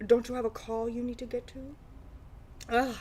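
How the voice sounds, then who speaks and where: A woman's voice: on the high side, level tone, normal speed, warm tone, a little hiss or hum. A woman chatting casually with her stream viewers and breaking into frequent laughing fits. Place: room lit by natural light.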